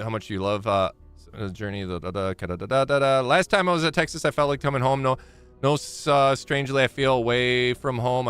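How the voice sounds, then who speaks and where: A man talks through a game on a live stream, stumbling as he reads in-game letters aloud. His voice is smooth and clear at a middling pitch, with faint music in the background. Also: a bit bright. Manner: reads game letters aloud haltingly, with many fillers and restarts; chatty, talks to himself. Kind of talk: live gameplay commentary.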